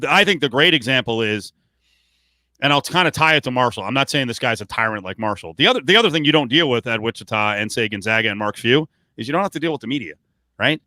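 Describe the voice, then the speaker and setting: A man's voice: mid-range voice, animated, fast, bright, forceful tone, no echo. A man co-hosting a podcast, rambling through casual sports talk with lots of fillers, restarts and swearing. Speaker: podcast co-host.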